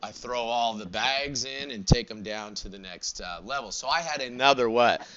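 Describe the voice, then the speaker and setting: A man's voice: medium pitch, normal speed, pushed and bright. A man teaching a college class in a chatty, digressive way, tossing rhetorical "what?" and "right?" prompts at his students and adding joking asides. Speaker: college instructor. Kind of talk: classroom lecture. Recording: dull lo-fi classroom recording.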